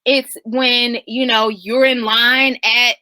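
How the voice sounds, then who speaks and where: A woman speaks as a podcast guest, earnest and emphatic as she gives advice. Her voice is bright and a little high. The sound is dry and close, with no room echo. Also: flat delivery, slow. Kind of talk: casual podcast conversation.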